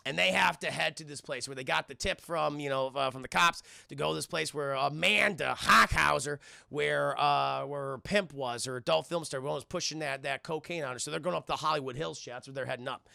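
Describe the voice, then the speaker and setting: A man's voice: a little high, brisk, gravelly, few pauses, bright, forceful tone, dry recording, studio quality. A man streaming live, recapping a film scene by scene in a rambling, profane way and talking to his chat. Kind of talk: casual livestream film recap.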